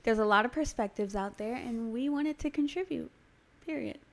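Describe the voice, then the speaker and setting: A woman in her thirties co-hosting a podcast, talking in a warm, heartfelt, chatty way. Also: on the high side, moderate pace, gravelly. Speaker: podcast co-host. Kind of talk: casual chat.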